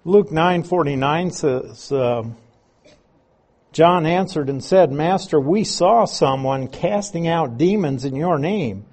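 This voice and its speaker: A man's voice: medium pitch, darkish tone. A man teaching a Bible passage, reading verses aloud and explaining Greek words.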